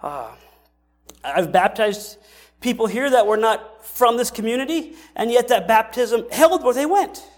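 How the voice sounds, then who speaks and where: A man's voice: very high-pitched, expressive, a little slow. A male pastor preaching a sermon in a conversational way, asking rhetorical questions and often restarting his sentences.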